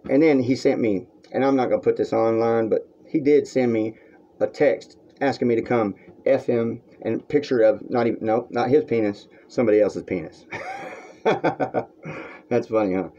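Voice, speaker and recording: A man with a warm, mid-range voice rants at a moderate pace into the camera on his own vlog. Filmed in a room at home on a dull, lo-fi recording, his monologue is crude, rambling and heated.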